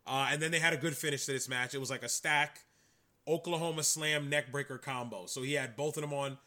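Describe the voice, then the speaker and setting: A man's voice: on the high side, fairly even intonation, a little fast, sharp tone. A man co-hosting a podcast, chatting in a rambling, enthusiastic way. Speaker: podcast co-host. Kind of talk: casual chat.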